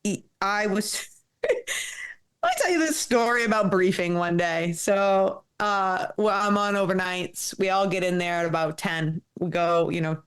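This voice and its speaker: A woman's voice: medium pitch, measured pace, clear, resonant tone. A woman in her thirties speaks as a podcast guest, recounting her experiences in a frank, candid way. She curses without hesitation and laughs often between points. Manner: blunt, profane, laughs often. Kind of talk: candid interview storytelling.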